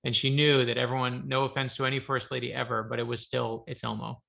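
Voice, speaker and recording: A middle-aged author, a man, chatting as an interview guest and telling lively stories, acting out the voices of the people in them. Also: medium pitch, quick pace, creaky. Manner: animated storyteller, acts out quoted voices. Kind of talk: casual interview chat.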